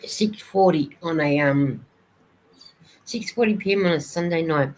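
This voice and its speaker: A woman's voice: deep voice, measured pace, a little mellow, rough recording. An Australian woman chatting casually on a live stream, reading viewers' comments aloud and answering them as she goes.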